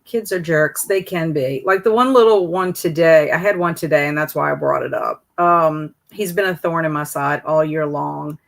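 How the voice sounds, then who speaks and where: Woman, middle-aged, low-pitched, chatty livestream host telling teacher stories. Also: moderate pace, vocal fry, hardly any pauses. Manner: chatty, reads out viewer comments. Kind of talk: casual livestream chat.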